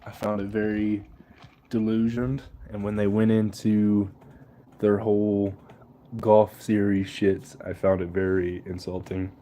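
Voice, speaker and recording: A man's voice: on the low side, flat delivery, measured pace, warm tone, a little hiss or hum. A young man ranting casually and profanely, with slang and laughter. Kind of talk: casual political rant.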